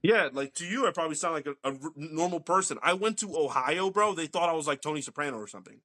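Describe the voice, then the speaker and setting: A man's voice: on the high side, animated, fast talker, sharp tone. A man, hosting a podcast and telling rambling, profane stories in casual chat. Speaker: podcast host.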